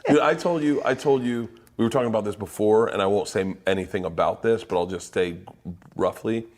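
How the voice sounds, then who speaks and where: A middle-aged man, a stand-up comic, chatting casually on a podcast. His speaking voice sits fairly low. When he gets animated, his pitch leaps up sharply. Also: moderate pace. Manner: excited, animated storytelling with jumps in pitch. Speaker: stand-up comedian.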